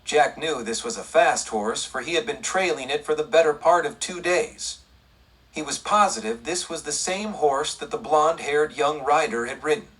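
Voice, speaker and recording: Brief: male audiobook narrator, western story, husky voice, mic set back. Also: mid-range voice, fairly bright tone, recorded from a distance, low-quality recording.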